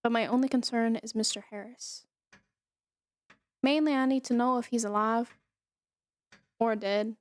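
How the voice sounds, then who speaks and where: A woman's voice: a little high, fairly even intonation, unhurried, long pauses, no room sound, close to an everyday voice. A woman reading aloud the lines of a pushy male private investigator in a game, in her own voice. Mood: probing. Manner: reads his lines plainly in her own voice.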